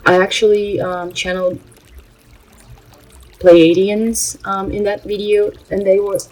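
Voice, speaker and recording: A woman's voice: medium pitch, flat delivery, a little mellow, rough recording. Earnest woman. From Brazil. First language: Portuguese. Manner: earnest, halting, many filler pauses. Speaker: spiritual channel host. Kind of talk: casual spiritual vlog talk.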